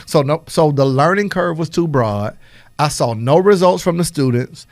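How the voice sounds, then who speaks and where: A man hosting a business podcast, giving energetic motivational talk in a preacherly way and laughing often. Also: a little high, moderate pace, no echo, clean studio sound. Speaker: podcast host.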